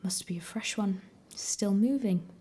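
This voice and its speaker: A woman's voice: mid-range voice, a little slow, dark tone, husky. A woman voicing a sinister, mocking shape-shifting man in a whispered role-play reading. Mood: taunting. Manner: whispered, taunting.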